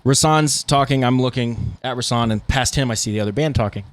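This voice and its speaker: This podcast co-host, who is also a band guitarist, has a mid-range voice captured in a dry recording. His storytelling is quick and meandering, loose chat studded with filler words.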